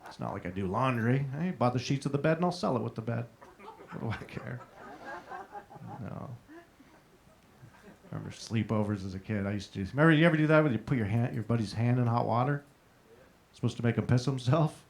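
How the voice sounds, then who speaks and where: A man's voice: mid-range voice, big pitch swings, brisk, vocal fry, long pauses. A man doing a crude, conversational stand-up comedy set in a comedy showroom, talking straight to the crowd. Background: audience laughter.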